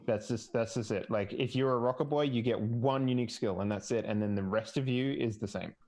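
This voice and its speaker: Man, tabletop player, casual chat, animated, salty language, mid-pitched. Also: brisk. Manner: animated, swears freely, laughs often. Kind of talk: casual pre-game chat.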